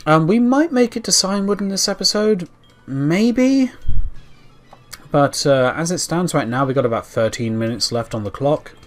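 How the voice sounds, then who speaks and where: A young man with a dry mouth, casually chatting through a video game playthrough, sometimes talking back to the game. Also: fairly high pitch. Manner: chatty, self-deprecating, talks to the game. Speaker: let's-play host. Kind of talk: casual gameplay commentary.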